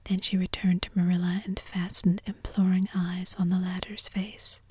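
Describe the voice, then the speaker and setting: A woman reading a classic novel aloud in a breathy, soothing whispered role-play. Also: lowish voice, little pitch movement, moderate pace, darkish tone. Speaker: reader.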